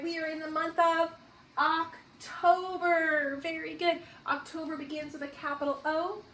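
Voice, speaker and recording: A woman teaching a kindergarten morning meeting over distance learning, with a bright sing-song manner and frequent praise. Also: high voice, reverberant, a little hiss or hum. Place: home.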